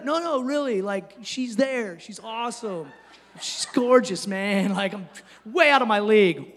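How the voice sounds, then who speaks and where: High male pastor, animated sermon, shouts then hushes, hall echo. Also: moderate pace. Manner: swings from shouting highs to soft low asides; animated, jokey, uses casual filler. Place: church hall. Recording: long hall reverb, faint music.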